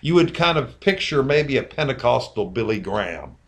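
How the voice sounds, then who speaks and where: A man's voice: medium pitch, very animated, normal speed. A man co-hosting a casual church discussion podcast, telling rambling anecdotes that drift from one example to the next. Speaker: podcast co-host.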